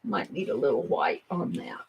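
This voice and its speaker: A woman hosting an art journaling stream, chatting casually to herself and viewers as she paints, with soft murmured asides. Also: sits low, lively intonation, normal speed, vocal fry, dull audio, background noise. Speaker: art journaling livestream host. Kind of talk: casual crafting narration.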